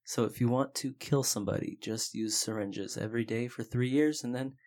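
Podcast co-host, mid pitch, sarcastic wisecracks, casual delivery. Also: a little fast, darkish tone. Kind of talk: casual true-crime chat.

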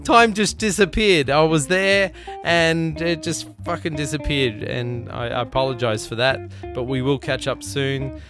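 A man's voice: fairly high pitch, fairly even intonation, unhurried, music in the background. A man with an Australian accent hosting a podcast in loose, rambling casual chat, swearing freely and joking around. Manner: loose, profane, rambling and jokey. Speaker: podcast host.

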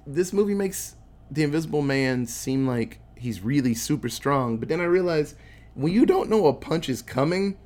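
On the higher side and at normal speed, a male podcast co-host casually summarizes a film, swearing freely and voicing the characters' dialogue in an animated storytelling style.

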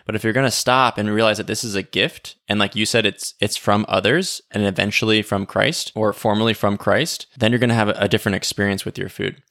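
A man's voice: on the low side, steady tone, brisk, hardly any pauses, a bit bright, no echo, studio quality. A man co-hosting a podcast in a casual conversational way, often asking "right?" and trailing into "like". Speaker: podcast co-host. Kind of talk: casual faith discussion.

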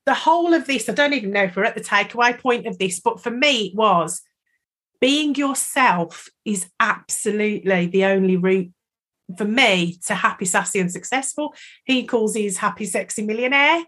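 A woman's voice: medium pitch, animated, moderate pace, fairly bright tone. A woman co-hosting a podcast, talking in a casual, rambling, emotional way, with many fillers. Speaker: podcast co-host. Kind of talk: casual chat.

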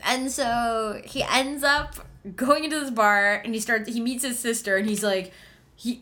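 A woman's voice: a little high, bright, forceful tone. A woman chatting casually about a film, rambling, blunt and sarcastic, often laughing. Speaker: podcast co-host reviewing a film. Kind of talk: casual chat.

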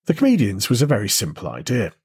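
Man, host narrator, very husky, low-ish voice, measured storytelling. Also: wildly swooping pitch, a little mellow. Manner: measured, storytelling delivery with rhetorical questions. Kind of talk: scripted narration.

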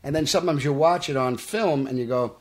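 A man's voice: on the high side, brisk. Brooklyn man telling street stories. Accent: Brooklyn New York. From Brooklyn, New York. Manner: animated storytelling, tough-talking. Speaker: actor guest. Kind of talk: casual interview. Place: podcast studio.

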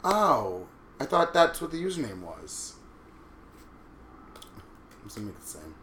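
Man, 30s, Long Island accent, crude campy joker, bright voice, echoey room. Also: on the low side, very animated, unhurried, slight background noise. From Long Island, New York. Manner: crude, playful, campy wisecracks. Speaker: host signing up for a website. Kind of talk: casual joking chat.

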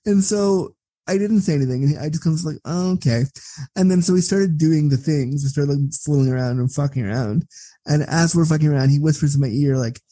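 Candid guest: outspoken, cursing man, husky and mellow, close dry sound. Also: on the high side, quick pace, dry recording. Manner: blunt and profane, animated when telling stories. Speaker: interview guest. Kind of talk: candid conversational storytelling.

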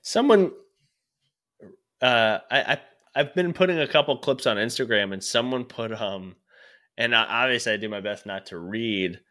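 A man's voice: mid-range voice, moderate pace, a bit bright. A man, a stand-up comedian, talking in a casual podcast chat, rambling and swearing freely, with frequent restarts and laughs.

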